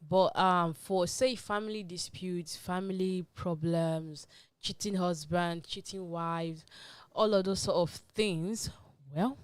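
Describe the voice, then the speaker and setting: Low-voiced woman hosting talk radio. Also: slow pace, smooth, dry recording. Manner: conversational, opinionated, emphatic asides. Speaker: radio talk show host. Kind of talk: casual panel discussion. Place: radio studio.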